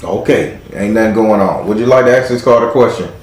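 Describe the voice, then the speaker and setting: Low-voiced man giving a casual tarot reading. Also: fairly quick, darkish tone, reverberant. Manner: playful, teasing, casual slang. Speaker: tarot reader and host. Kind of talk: live tarot reading with a caller.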